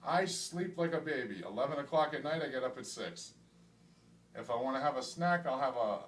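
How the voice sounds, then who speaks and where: A man's voice: medium pitch, fairly quick, roomy sound. A middle-aged man giving a candid patient testimonial in a hospital room, emphatic and often repeating himself as he stumbles over words. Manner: emphatic, stumbling repetitions, grows excited and loud. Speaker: weight-loss surgery patient. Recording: distant mic with faint background hiss.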